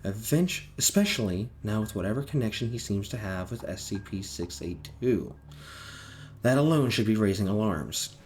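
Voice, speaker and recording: A man voicing a calculating male agent in a flat, deliberate monotone. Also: on the low side, a little hiss or hum. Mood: cold.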